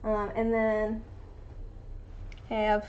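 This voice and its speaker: A woman's voice: medium pitch, monotone, extremely slow, a little mellow, muffled recording, a little hiss or hum. A young woman chatting casually on a live stream while she works on a craft, rambling with lots of fillers and restarts. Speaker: resin dice maker streaming her craft.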